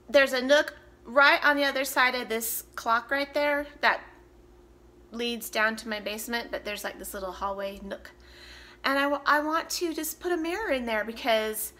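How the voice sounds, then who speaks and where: A woman's voice: on the high side, pushed and bright. A woman vlogging in casual chat from her car, rambling and talking straight to her viewers, recorded on a phone in a dashboard holder. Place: in a car while driving.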